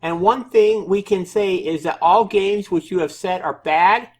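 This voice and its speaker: A man mocking a squeaky indignant developer. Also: unhurried, a little mellow. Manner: high mocking squeaky voice, stammering repetitions. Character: defensive male game developer, indignant, broken English.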